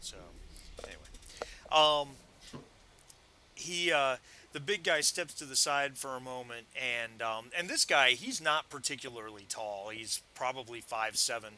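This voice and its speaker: A man narrating as game master of a tabletop game, rambling with many pauses and restarts. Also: medium pitch, pushed and bright.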